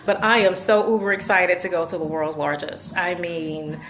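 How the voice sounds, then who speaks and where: A woman's voice: fairly low pitch, normal speed, a little hiss or hum. A woman hosting her own show, chatting casually and effusively to her viewers. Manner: effusive, chatty, thankful shout-outs. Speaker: show host. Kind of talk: casual video chat.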